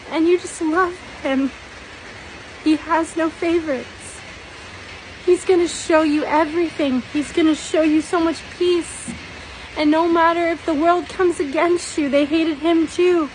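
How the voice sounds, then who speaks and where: Woman, high-pitched, emotional testimony, laughs often, faint background noise. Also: low-quality recording. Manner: tearful, laughing, earnest. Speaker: dream testimony vlogger.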